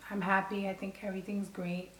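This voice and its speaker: Woman vlogger from the Bronx, lively storytelling to camera, echoey room. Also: medium pitch, fairly quick. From Bronx, New York. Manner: animated, acts out quoted dialogue. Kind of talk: casual storytelling. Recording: roomy echo.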